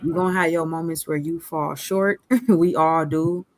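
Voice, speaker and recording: A speaker sharing scripture and gentle encouragement to keep faith and pray. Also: mid-range voice, steady tone, moderate pace.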